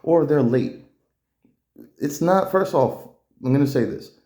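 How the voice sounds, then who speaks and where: A man's voice: on the high side, lively intonation, measured pace, warm tone. A man giving a blunt, profane, riled-up opinion monologue as a vlogger. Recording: echoey room.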